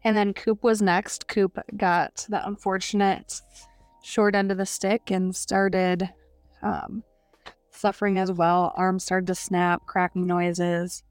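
A woman's voice: medium pitch, level tone, slow pace, clean tone, no room sound, soft background music. Chatty woman podcast co-host. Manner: chatty, heavy use of "like". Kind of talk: casual book review chat.

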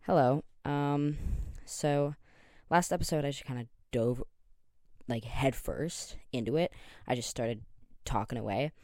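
A man's voice: medium pitch, measured pace, a little mellow, dry recording, clean studio sound. A tired Canadian man in his twenties hosting a casual solo podcast, rambling with lots of likes and ums and perking up when talking about favorite superheroes. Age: 20s. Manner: rambling and self-interrupting, with many likes and ums. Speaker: podcast host.

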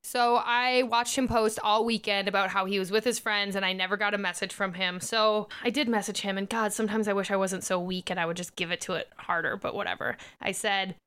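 A woman's voice: medium pitch, brisk, hardly any pauses, smooth. A young adult woman hosting a podcast, telling a personal dating story in a confessional way and acting out what others said. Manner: confessional, animated quoting of others. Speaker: podcast host. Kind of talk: candid storytelling chat.

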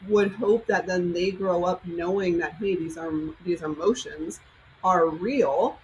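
A woman co-hosts a podcast with a fairly low, relaxed voice, open and heartfelt in casual talk. A faint hiss of noise runs underneath. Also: unhurried, highs cut off. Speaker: podcast co-host.

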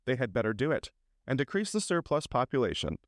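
A man's voice: medium pitch, sing-song, fairly quick, no room sound, natural voice. A man reading a storybook and voicing a miserly, curt old moneylender, with a dismissive manner in a dry recording. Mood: cold, dismissive.

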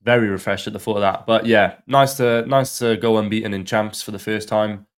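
Laid-back co-host, lowish voice. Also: male voice, fairly even intonation, brisk. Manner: laid-back, rambling with fillers. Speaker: podcast co-host. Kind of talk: casual banter.

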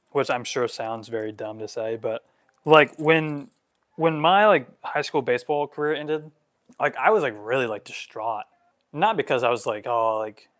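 A man in his twenties, a vlogger answering follower questions on a livestream, animated, getting worked up, with many "like" fillers. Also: on the high side. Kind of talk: livestream Q&A monologue.

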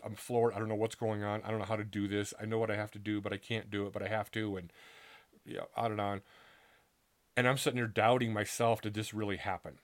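A middle-aged man earnestly recounting a personal story in a casual, halting way, acting out what people said to him. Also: on the low side. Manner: earnest, halting, with restarts and acted-out quotes. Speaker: author telling his story.

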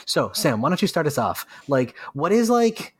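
A man's voice: fairly high pitch, sing-song, normal speed, slightly rough, dry recording. A man co-hosting a podcast in casual, joking chat, rambling with lots of filler words. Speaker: podcast co-host.

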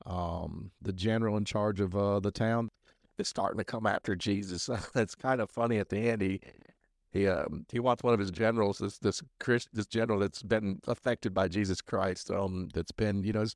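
A man's voice: on the low side, steady tone, moderate pace, creaky, dry recording, clean studio sound. A man hosting a podcast, reviewing a show in casual, rambling talk full of fillers and restarts, speaking earnestly about his faith. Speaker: podcast host.

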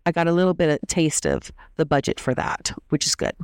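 Chatty gossipy recap host with vocal fry. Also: mid-range voice, big pitch swings, no room sound, studio quality. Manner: chatty, opinionated, fast bursts with restarts; mocking asides and quoted imitations of cast. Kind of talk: casual gossipy episode recap.

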